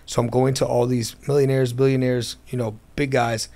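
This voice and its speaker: His voice is mid-range with vocal fry and a moderate pace as he recounts his business story. This is an informal interview in an airplane hangar, where he animatedly acts out the words of the people he describes.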